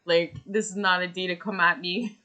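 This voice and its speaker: A woman's voice: on the low side, fairly even intonation, moderate pace, sharp tone, lo-fi sound. A woman in her thirties with older children, ranting angrily to camera about losing her home, swearing often and venting in bursts. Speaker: vlogger. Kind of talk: angry personal rant to camera.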